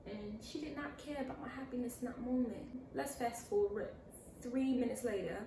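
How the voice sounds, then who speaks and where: Chatty young woman in an echoey room. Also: medium pitch. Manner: animated, chatty, acts out quoted voices. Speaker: vlogger answering viewer questions. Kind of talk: casual storytelling Q&A. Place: indoors at home, seated with a pillow. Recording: echoey room, mic at a distance, faint hiss.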